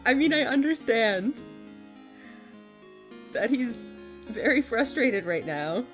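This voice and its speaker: A young woman talks through a video game in a casual, rambling way, swearing and laughing often. She speaks at an unhurried pace, and her pitch leaps around with feeling. Soft music sits in the background. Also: sing-song. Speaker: video game let's player. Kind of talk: casual gameplay commentary.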